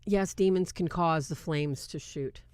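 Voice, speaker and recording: A woman hosting a casual movie review, talking in an animated, incredulous way and often breaking into laughter. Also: sits low, unhurried, clean tone. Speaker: video host.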